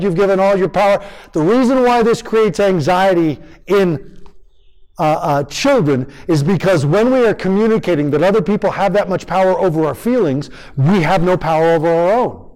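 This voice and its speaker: A man's voice: high voice, normal speed, rough recording. A man giving a live parenting workshop to an audience, acting out how parents talk to children and asking the room for answers. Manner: animated, acts out parent-child exchanges.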